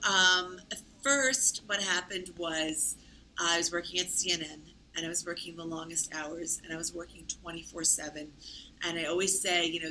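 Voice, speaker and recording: A middle-aged woman recounting her story in an interview. Her voice is bright and a touch low, and she talks in a chatty way, circling back with fillers and self-corrections. A faint hiss of noise sits behind her. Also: low-quality recording. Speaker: interview guest. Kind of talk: conversational storytelling.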